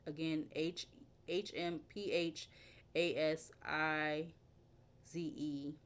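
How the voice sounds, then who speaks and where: A young woman with a low, unhurried voice talks through a tarot reading in a loose, conversational way. She drifts into side stories and spells words out letter by letter as she thinks aloud. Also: level tone, clear, resonant tone. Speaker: tarot reader.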